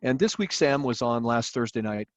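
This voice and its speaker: A man's voice: mid-range voice, expressive, moderate pace, no echo. Man hosting a business call. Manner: rambling, many fillers and restarts. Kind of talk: casual introduction on a call. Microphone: video call. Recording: dry, dull lo-fi call audio.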